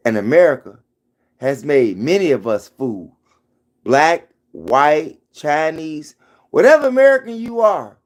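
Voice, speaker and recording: A middle-aged man delivers a slow, preachy rant straight into his phone. His somewhat high voice swoops up and down as he repeats his lines for emphasis. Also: big pitch swings. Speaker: vlogger. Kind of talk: opinionated commentary vlog.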